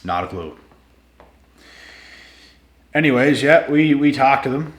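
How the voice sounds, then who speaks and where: A man telling a personal story to his viewers in a casual, animated way, slangy and swearing freely. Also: medium pitch, takes it slowly, echoey room, a little hiss or hum.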